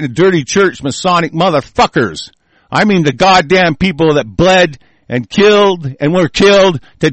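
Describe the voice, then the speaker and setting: A man's voice: on the high side, fairly bright tone, no echo. A man hosting a talk show, delivering a furious, profane and confrontational political rant.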